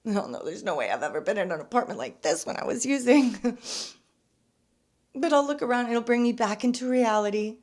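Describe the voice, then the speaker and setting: Earnest young woman, fairly high voice. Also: lively intonation, brisk. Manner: earnest and confessional, swinging between soft and emphatic. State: emotional, near tears at times. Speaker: podcast host. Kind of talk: casual personal testimony.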